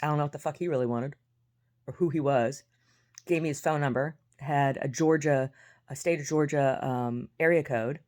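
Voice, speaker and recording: Speaking at a normal pace in a low, somewhat mellow voice, this woman from the United States delivers a casual storytelling monologue. She's blunt and sarcastic, swears, laughs a lot and often starts her words over.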